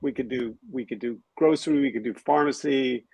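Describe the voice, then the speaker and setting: Gravelly guy hosting a chat, sarcastic, dry close sound. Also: mid-range voice, brisk, a little mellow, no room sound, low-quality recording. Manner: wry, sarcastic, thinks aloud with restarts. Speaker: podcast host. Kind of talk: casual panel discussion.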